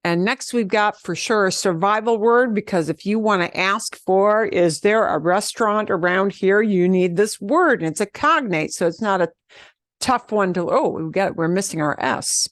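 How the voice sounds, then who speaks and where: A woman's voice: mid-range voice, moderate pace, no room sound, studio quality. A woman from the teaching a beginner Spanish lesson, patiently repeating words and drilling the trilled R. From American Southwest.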